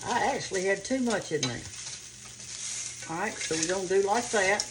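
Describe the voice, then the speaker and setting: A woman's voice: mid-range voice, normal speed. Folksy older Southern woman cooking at home. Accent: Southern American. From American South. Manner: folksy, homey, talks to viewers as y'all and honey. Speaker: cooking show host. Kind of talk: chatty home cooking demonstration. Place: home kitchen. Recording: kitchen noise behind voice. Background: frying and sizzling of cooking.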